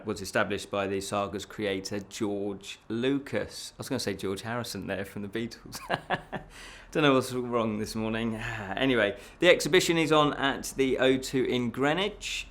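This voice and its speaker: A man hosts a casual fantasy news show, chatty and laughing at his own slips. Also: mid-range voice.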